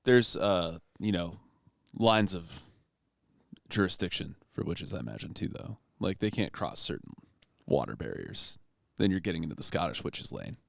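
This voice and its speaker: Gravelly-voiced young man cracking jokes. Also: sits low, lively intonation, dry recording, clean studio sound. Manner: wisecracking, quick to joke. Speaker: podcast co-host. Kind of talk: casual comedic chat.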